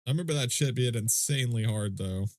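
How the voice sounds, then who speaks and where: A man's voice: mid-range voice, fast, no room sound, clean studio sound. Stuffy-nosed man streaming casually. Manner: laid-back, swears, chats with viewers. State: stuffy nose. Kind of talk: casual livestream commentary.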